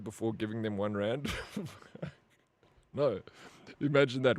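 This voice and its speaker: A man's voice: lowish voice, lively intonation, measured pace, long pauses, a little mellow, no echo. A South African man chatting casually to his live-stream viewers, blunt and profane, rambling with lots of "bro".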